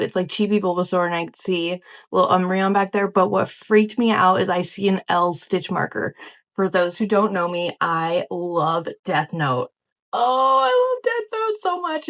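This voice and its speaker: Gushing young woman crochet vlogger. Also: medium pitch. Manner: gushing, excitable, lots of "oh my gosh". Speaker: crochet vlogger and small business owner. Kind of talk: casual unboxing vlog.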